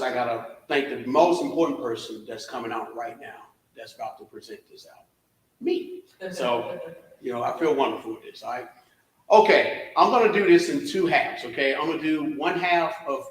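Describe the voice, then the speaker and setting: A man from Alabama, joking with the crowd while speaking at a live hotel event. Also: medium pitch. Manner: joking, talks straight to the crowd. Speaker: guest speaker presenting an album. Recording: echoey hall.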